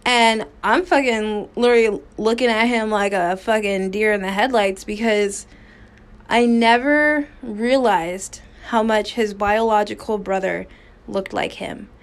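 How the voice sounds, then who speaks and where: A woman speaking slowly with a gravelly, creaky edge to her voice. She hosts her own podcast and tells a personal story candidly and casually. She swears freely and often stops to restart a sentence. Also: mid-range voice. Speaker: podcast host.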